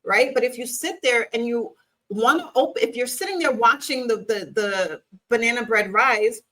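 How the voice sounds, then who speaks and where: A woman's voice: fairly high pitch, normal speed, fairly bright tone, low-quality recording. A woman in her thirties, a business coach, giving a faith-based motivational talk and speaking straight to the viewer in an encouraging way. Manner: encouraging, talks straight to the viewer with repeated questions.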